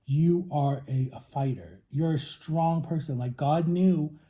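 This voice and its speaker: A man's voice: fairly high pitch, takes it slowly, dark tone. A man in his thirties chatting casually to the camera while he eats, telling long rambling stories about his own life. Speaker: vlogger.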